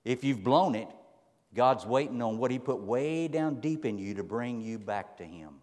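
A man's voice: mid-range voice, expressive, moderate pace, long reverb tail. A man preaching a folksy, emphatic sermon. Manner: folksy, emphatic, dramatic swings in loudness.

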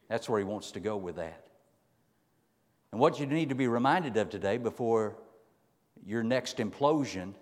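Folksy preacher in echoing hall. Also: male voice, mid-range voice. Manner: folksy, emphatic, dramatic swings in loudness. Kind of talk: sermon.

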